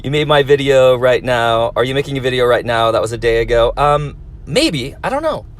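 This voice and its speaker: Teacher-type host, male, reads comments, friendly and upbeat, mid pitch. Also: expressive, brisk. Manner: friendly, encouraging, talks to kids. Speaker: teacher and YouTube host reading viewer comments. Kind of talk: casual chat reading comments aloud.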